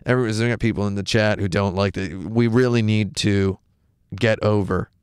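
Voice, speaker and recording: A man's voice: lowish voice, fairly even intonation, moderate pace, a little mellow, clear, resonant tone, no echo, clean studio sound. An American man streaming a video game, talking in wry, rambling tangents with mock-indignant rants. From United States. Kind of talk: rambling live-stream commentary. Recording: game music playing behind.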